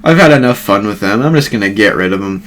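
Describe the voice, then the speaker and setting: A man's voice: on the low side, expressive, fast, fairly bright tone. A man voicing a smug, overpowered young male fighter who taunts and toys with his enemies.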